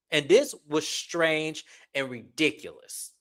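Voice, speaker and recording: A casual reality TV recapper who speaks bluntly and with exasperation. The host talks straight to the audience and swears freely, in a mid-pitched voice. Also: expressive, unhurried, a bit bright. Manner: blunt, exasperated, profane, talks to viewers directly.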